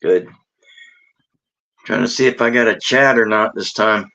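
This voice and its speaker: A man's voice: lowish voice, a little slow, creaky, pushed and bright. A man co-hosting a casual livestream, matter-of-fact as he sorts out technical problems. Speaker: stream co-host. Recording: dull lo-fi audio.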